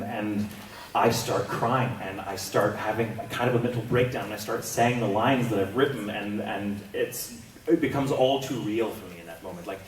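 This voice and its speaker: Animated, self-mocking male voice actor, mid-pitch, telling a panel story in an echoey room from a distant mic. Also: a little hiss or hum.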